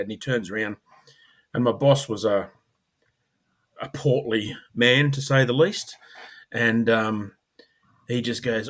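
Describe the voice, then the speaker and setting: A middle-aged Australian man, a former police officer, talking casually as a podcast guest, rambling with fillers and clearing his throat. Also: medium pitch, a little slow, long pauses. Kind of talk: casual conversational storytelling.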